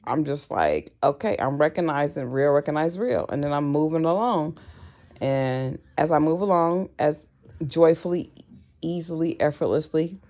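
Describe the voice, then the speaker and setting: A woman with a low, dark-toned, animated voice speaks at a moderate pace in a casual personal vlog monologue. Frank, blunt, and profane with slangy asides, she acts out other people's voices in her stories.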